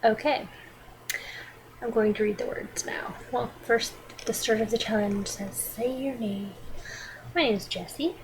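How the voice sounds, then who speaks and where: A woman's voice: fairly high pitch, a little slow, long pauses, background noise. A young woman with a Georgia Southern accent, reading out a word list with hesitant, chatty asides between words. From Athens, Georgia, US. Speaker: vlogger.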